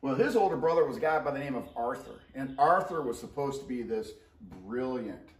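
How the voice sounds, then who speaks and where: A man teaches history in a loose, conversational lesson shared with a colleague, and his voice rises and falls with animated, joking energy. He sounds set back from the microphone, and the room around him rings noticeably. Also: mid-range voice, a little fast. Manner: animated and joking, playful asides. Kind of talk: casual co-taught history lesson. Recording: roomy sound, mic at a distance.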